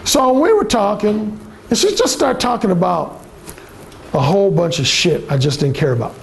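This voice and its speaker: A fairly high-voiced man with a gravelly edge talks to a seminar crowd, bluntly and with plenty of profanity. His pitch swings widely as he tells his stories. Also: lively intonation, moderate pace. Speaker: seminar speaker, dating coach. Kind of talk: storytelling talk to a live audience.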